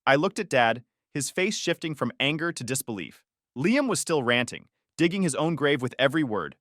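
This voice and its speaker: A man's voice: mid-range voice, sing-song, moderate pace, a bit bright, no room sound, clean studio sound. A man narrating a first-person story in a tense, dramatic way.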